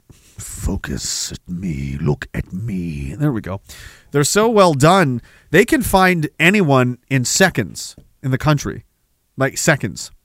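A man's voice: fairly high pitch, fairly bright tone, dry recording, studio quality. A man hosting a political commentary livestream, sarcastic and rambling, reading viewer messages and laughing often. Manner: reads viewer messages aloud. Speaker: livestream host.

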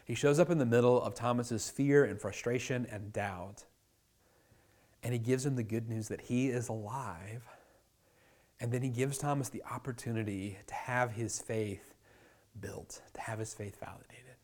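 A man preaching a sermon to his church in a casual, conversational style, dropping to a hush for quoted words. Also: medium pitch, normal speed. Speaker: pastor.

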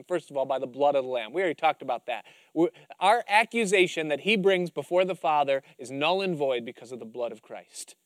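A male pastor preaching with animated storytelling, acting out scenes as he goes. His voice sits fairly high. The sound is dry and close, with no room around it. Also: no echo. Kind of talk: sermon.

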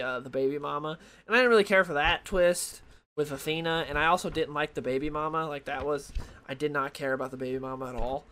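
Young man, slightly high voice, casual comic review, rambling with fillers, desk mic. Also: a bit bright. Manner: loose and rambling, many fillers. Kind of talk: casual solo review talk. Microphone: desk microphone.

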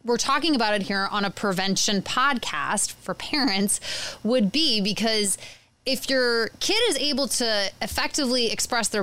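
Smooth-voiced woman podcast host. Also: medium pitch, a bit bright. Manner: long rambling questions with many "like" fillers. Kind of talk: conversational interview questions.

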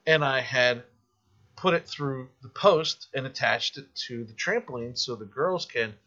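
A man's voice: medium pitch, measured pace, bright, forceful tone. A man hosting a podcast, telling stories in a casual chat, acting out the voices and swearing freely. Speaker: podcast host. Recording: dull lo-fi podcast audio.

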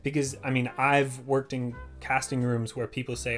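A Californian man with a General American accent, an actor and voiceover artist talking in a lively, casual way, full of "you know" fillers. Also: mid-range voice, normal speed, faint music behind. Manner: animated, chatty, many "you know" fillers. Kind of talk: casual podcast chat.

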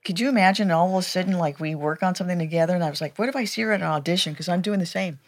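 A woman hosting a relaxed interview, with a slightly low voice. She is playful and encouraging, often chiming in with affirmations. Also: very fast. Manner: encouraging, frequent backchannel, playful. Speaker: podcast host. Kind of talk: casual interview chat.

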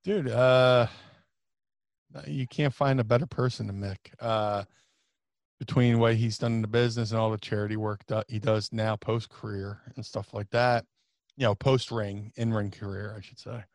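A man telling a casual, animated story as a podcast guest, jumping into a high falsetto when he quotes himself. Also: moderate pace, no room sound, clean studio sound. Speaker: podcast guest, former wrestler.

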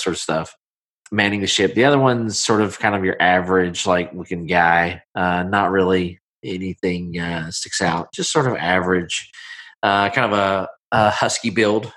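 A man running a tabletop game who describes scenes in a loose, rambling way full of fillers. His voice sits on the low side. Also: fairly bright tone. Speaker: game master.

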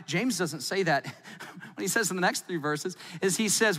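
A man preaching a sermon in a lively, playful, conversational way. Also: high voice, normal speed, in a large hall. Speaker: pastor.

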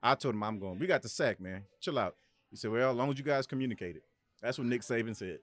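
Animated man telling football stories. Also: medium pitch, fast talker. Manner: animated storyteller, acts out voices of others. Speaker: guest, former football player and coach. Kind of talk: casual podcast storytelling.

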